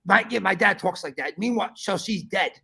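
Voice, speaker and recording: A man hosting a podcast, telling a story in animated casual chat, swearing often and calling his listener bro. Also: sits high, brisk, gravelly, breathy edge. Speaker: podcast host.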